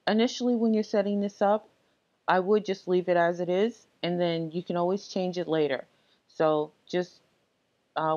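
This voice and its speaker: Casual low-voiced woman walking through a tech tutorial. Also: darkish tone, highs cut off. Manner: casual and instructive, with frequent ums and uhs. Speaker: software tutorial presenter.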